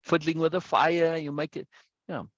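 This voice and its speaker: A man's voice: fairly high pitch, moderate pace, no room sound. A man leading a discussion in a reflective, explanatory teaching talk, often checking in with his listener. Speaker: discussion leader. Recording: dull, dry lo-fi recording.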